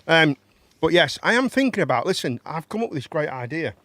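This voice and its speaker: A man's voice: fairly high pitch, sing-song, a little fast, fairly bright tone, no echo. A man hosting a casual live-stream chat show. He rambles, repeats his words and banters with his guests.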